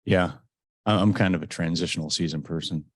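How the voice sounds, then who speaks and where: A man with a low voice co-hosts a webinar over a video call. He jokes easily and stumbles through fillers and restarts. The sound is dry and close. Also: fairly quick, husky, no room sound. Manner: relaxed, joking, with many fillers and restarts. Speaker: webinar co-host. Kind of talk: casual chat opening a webinar.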